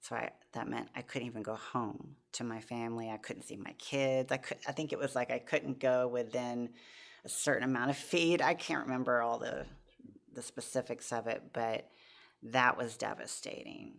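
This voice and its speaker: Woman in her 40s on a podcast, raspy fry in her voice, heartfelt testimony, stops and restarts a lot. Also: very deep voice, steady tone, normal speed. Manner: earnest, heartfelt storytelling, many restarts. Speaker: podcast guest. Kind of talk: personal testimony in an interview.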